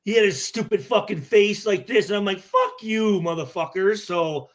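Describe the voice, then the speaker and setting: A man in his forties from Michigan, a former player appearing as a guest analyst, talks in a casual podcast chat. His voice is high, expressive and fairly quick, and he's hesitant, restarting often and swearing plenty.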